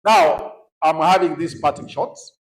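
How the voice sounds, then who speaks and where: A man with a Kenyan accent leads a teaching session for young people in a big hall. His voice sits fairly high, and the room gives it a roomy echo. He drops in Swahili phrases and leaves gaps for the crowd to finish his sentences. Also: steady tone, measured pace. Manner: mixes English with Swahili phrases. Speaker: youth conference speaker. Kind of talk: teaching a session to a youth audience. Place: large echoey conference hall.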